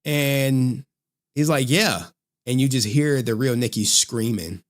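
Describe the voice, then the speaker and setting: Animated man retelling a movie. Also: medium pitch, measured pace. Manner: animated storytelling with frequent "right?" check-ins; acts out quoted lines in shifting voices. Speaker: streamer. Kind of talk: casual film recap on stream.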